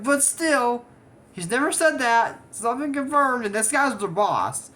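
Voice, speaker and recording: Here an anime episode reviewer in their twenties offers a relaxed, meandering recap of a cartoon episode, peppered with asides. The voice is medium-pitched and a bit bright, moving at normal speed with big pitch swings.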